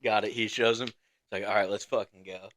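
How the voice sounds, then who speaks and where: A man's voice: fairly low pitch, fairly even intonation, fairly quick, a bit bright. A young man in his twenties, a podcast co-host, telling a long casual story, laid-back and profane, laughing as he goes.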